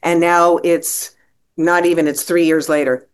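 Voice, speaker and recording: A woman's voice: on the low side, level tone, measured pace, smooth. A woman hosting an interview, asking enthusiastic questions and sometimes searching for the right word. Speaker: podcast host.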